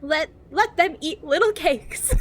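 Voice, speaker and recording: A woman's voice: very high-pitched, animated, slow. A woman streamer reading game text aloud in a cheery infomercial-style voice and giggling often.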